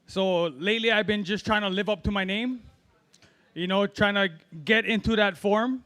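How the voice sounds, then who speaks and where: A man's voice: high-pitched, steady tone, moderate pace, fairly bright tone, clear, resonant tone. A middle-aged man from Hawaii doing a loose, rambling open-mic stand-up set. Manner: rambling, self-deprecating, loose delivery with fillers. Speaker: amateur stand-up comic.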